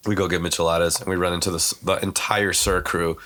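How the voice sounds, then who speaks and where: A man's voice: deep voice, little pitch movement, pushed and bright. A man as a podcast guest, telling stories in loose, slangy casual talk full of fillers, acting out what others said. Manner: slangy, quotes others' words in quick reenactments. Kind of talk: casual storytelling chat.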